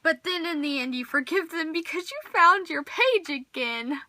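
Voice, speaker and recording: Bright, dramatic young woman vlogger. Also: very high voice, expressive, normal speed, hardly any pauses, no room sound. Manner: dramatic, exasperated, acts out little scenes. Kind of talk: comedic vlog monologue.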